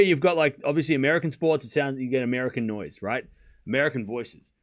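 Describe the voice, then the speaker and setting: An Australian man who streams and coaches tennis chats casually during a live tennis watchalong, reading chat aloud and breaking into quick bursts of play-by-play. His voice is fairly high-pitched, sing-song, and a bit bright.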